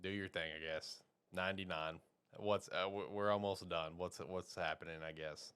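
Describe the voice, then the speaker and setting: A young man co-hosting a podcast, chiming in with quick, excitable agreement. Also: deep voice, clear, resonant tone. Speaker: podcast co-host. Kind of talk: casual anime chat.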